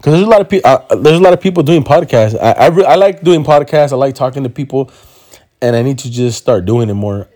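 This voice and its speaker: A comedian in his thirties runs a laid-back podcast from home using a phone, talking quickly in a medium-pitched, dark-toned voice. His delivery rambles, full of jokes, slang, swearing and self-corrections.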